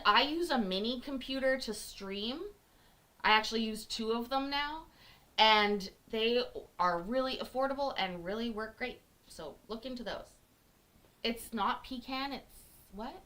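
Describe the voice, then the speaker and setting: A woman's voice: a little high, moderate pace, bright, forceful tone. A woman from Canada chatting casually and joking with her live-stream viewers. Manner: chatty, joking, laughs often.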